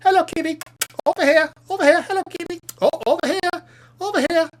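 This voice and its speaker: A man voicing a squeaky mouse that teases a kitten with high coaxing calls. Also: brisk, slight background noise.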